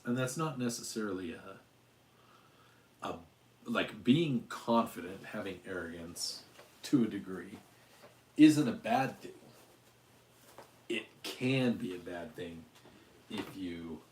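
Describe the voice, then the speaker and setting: Deep-voiced man rambling in a roomy space. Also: animated, takes it slowly, long pauses, a little mellow. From Utah. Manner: rambling, hesitant, many fillers and restarts. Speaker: channel host. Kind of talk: casual livestream chat. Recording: roomy echo.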